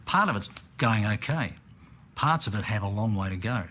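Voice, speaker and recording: A man's voice: on the low side, lively intonation, moderate pace, bright, forceful tone. A man, a military officer, explaining in a matter-of-fact briefing tone. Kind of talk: documentary interview.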